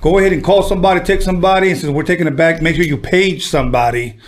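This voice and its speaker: A man's voice: a little high, very fast. Joking, crude male podcast host. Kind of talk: casual podcast hosting.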